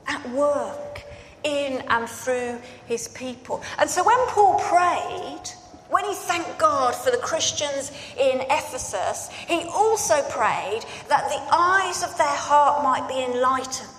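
A woman with a high voice delivers a sermon in an earnest storytelling manner, leaning on repetition for emphasis. Her voice rings with long reverb through a roomy church hall. A faint hum of ambience sits beneath her. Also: a bit bright. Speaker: preacher.

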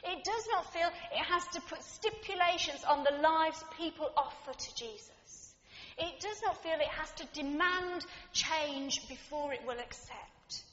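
A woman's voice: high voice, a little slow, a bit bright. A woman preaching a sermon, earnest and reflective, building her points through repeated rhetorical phrases. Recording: dull, reverberant hall recording.

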